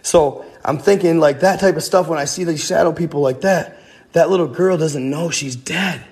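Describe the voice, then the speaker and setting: A man's voice: fairly high pitch, moderate pace, a little mellow. Rambling, profane man telling a ghost story. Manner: rambling and profane, with many restarts. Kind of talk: casual storytelling.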